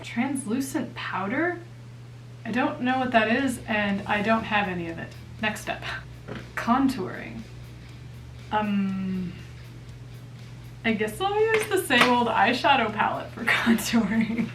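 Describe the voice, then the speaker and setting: A woman's voice: a little high, expressive, takes it slowly, long pauses, background noise. A young woman doing her makeup on camera, chatting in a playful, self-mocking way. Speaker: makeup vlogger. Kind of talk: casual chat. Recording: roomy echo, mic at a distance.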